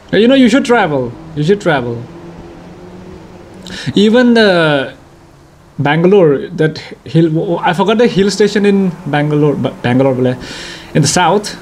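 Excitable high-voiced Indian man. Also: a little slow, long pauses, slight background noise. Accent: Indian English. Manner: excitable, playful, jokey, bursts of shouting. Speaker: gaming YouTuber. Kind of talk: let's-play racing commentary.

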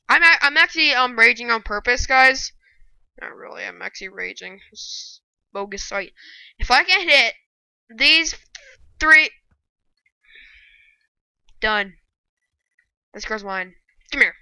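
A woman giving live gameplay commentary, excitable and bursting into loud shouting rants. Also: on the high side, normal speed, pauses often, clear, resonant tone, dry recording. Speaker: gaming video creator.

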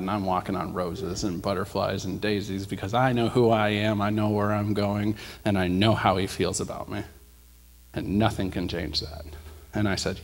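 Animated man telling a sermon story. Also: fairly low pitch, a little hiss or hum. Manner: animated storyteller, acts out quoted voices, rises loud when preaching. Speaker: preacher sharing a testimony. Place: church.

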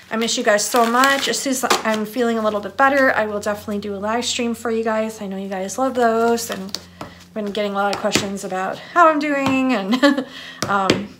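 A woman's voice: a little high, very noisy. A woman giving a casual tarot card reading for her channel, chatting in a rambling way with lots of fillers. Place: her home, downstairs.

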